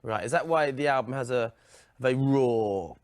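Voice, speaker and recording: A man playing a deadpan, patient TV interviewer in a comedy sketch. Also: mid-range voice, moderate pace, no echo, studio quality, close to an everyday voice.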